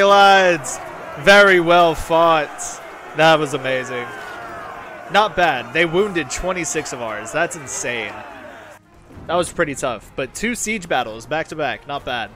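A man giving excitable gameplay commentary, exclaiming often as the fight unfolds and rallying his troops. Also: mid-range voice. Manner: rallies his game troops with shouted battle cries. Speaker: gaming video host.

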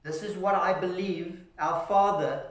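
Animated preacher man in an echoey church. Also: high-pitched, unhurried. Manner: animated storytelling, acting out shouts; calls congregation "family", asks "Amen?". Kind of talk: sermon. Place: church hall.

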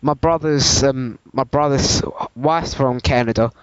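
A man's voice: medium pitch, smooth, no echo, natural voice. A man putting on a rambling hillbilly caller. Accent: put-on Southern US. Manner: rambling, halting, many restarts. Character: hillbilly man posing as truck owner. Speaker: prank caller. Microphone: phone line. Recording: dull lo-fi prank call recording.

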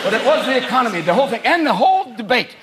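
A man doing a stand-up comedy set in a large theater, talking in an animated way and leaping into shouted impressions. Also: very high-pitched, racing. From United States. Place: large theater with a laughing audience. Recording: live show with loud crowd noise.

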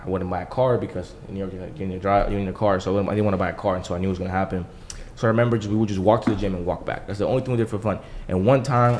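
Fast-talking young man, casual and profane. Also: low voice, a little hiss or hum. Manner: fast, profane, animated storytelling. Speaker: podcast guest, entrepreneur. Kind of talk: casual storytelling.

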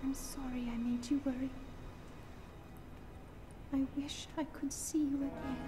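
A woman voicing a gentle young fish-folk princess in a game cutscene, speaking softly and hushed. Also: high voice, flat delivery, a little slow, over music. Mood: tender, wistful. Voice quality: soft, hushed.

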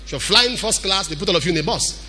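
Animated high-pitched preacher. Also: male voice, fast, a little hiss or hum. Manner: animated preaching, sudden shouts, sing-song cadence, acts out quotes. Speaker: pastor. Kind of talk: sermon.

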